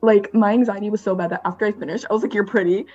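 A woman's voice: mid-range voice, steady tone, very fast, dark tone, faint music behind. A teenage girl co-hosting a podcast, chatty and giggly as she tells a story about ordering food. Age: teens. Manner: giggly, chatty, acts out quotes. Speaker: podcast co-host. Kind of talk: casual chat, storytelling. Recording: slightly dull lo-fi sound.

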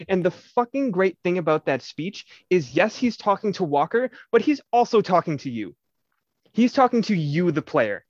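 Young male podcast co-host, lively storyteller who swears freely, dry and slightly dull recording. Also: sits high, normal speed, no echo. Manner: animated storytelling, swears a lot, acts out quotes. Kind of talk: casual chat.

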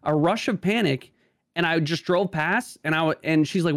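Gravelly man talking in halting restarts. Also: on the high side, dry recording, studio quality. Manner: stammering restarts, frequent "like" fillers. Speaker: podcast guest. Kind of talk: casual conversation.

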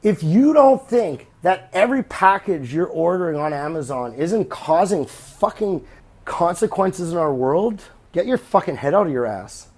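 A man's voice: high voice, lively intonation, a little slow, darkish tone. A man hosting a podcast, talking alone in a blunt, profane, ranting way, mocking imagined critics. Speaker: podcast host. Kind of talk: casual monologue.

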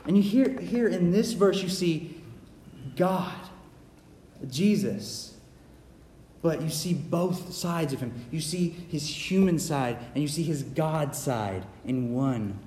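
A man's voice: on the high side, animated, takes it slowly, dark tone, slight background noise. A man preaching a sermon in an earnest, repetitive way, often stumbling and restarting his sentences. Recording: echoey hall, faint ambience.

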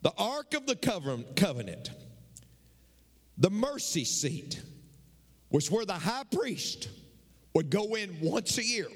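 High-pitched, slow-preaching male pastor. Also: long reverb tail. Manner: dramatic, acts out scripture dialogue, rising to fervent climax. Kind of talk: sermon.

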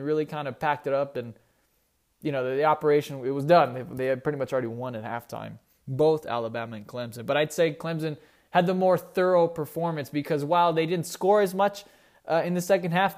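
A man's voice: on the high side, darkish tone. Rambling young man talking college football. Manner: rambling, self-correcting, conversational. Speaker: sports podcast host. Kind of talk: casual solo sports talk.

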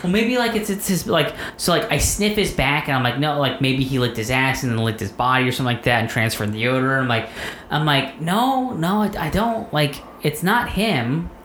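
A man's voice: medium pitch, expressive, brisk, few pauses, fairly bright tone. Profane rambling man in an echoey room. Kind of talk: casual storytelling chat. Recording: echoey room with faint noise.

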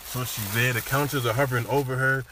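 A young man spins a story for his friends in an easy, slang-heavy way, acting out other people's lines as he goes. His voice sits at a middle pitch. A clear hiss of noise runs underneath the recording. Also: fairly even intonation, fast. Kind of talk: casual storytelling chat.

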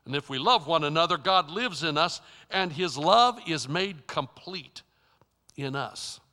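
Emphatic male preacher with a high, piercing bright voice, in a hall with long reverb. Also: expressive, measured pace. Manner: emphatic, dramatic shifts in loudness. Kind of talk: storytelling sermon.

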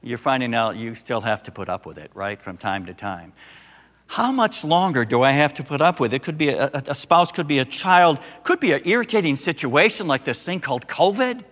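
An older man, a pastor, preaching a sermon and telling a story with animated, acted-out voices. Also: mid-range voice, a little fast, big-room sound.

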